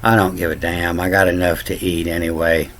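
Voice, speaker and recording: A man's voice: deep voice, level tone, brisk, fairly bright tone, slight background noise. An older man talking casually and in a rambling, folksy way about word origins, drifting into asides. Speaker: channel host.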